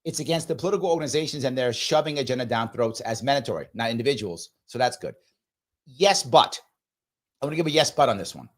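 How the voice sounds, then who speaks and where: A man hosting a live talk show, giving opinion commentary in an emphatic, preachy way with big jumps in pitch. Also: fast. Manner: animated, sweeping pitch jumps.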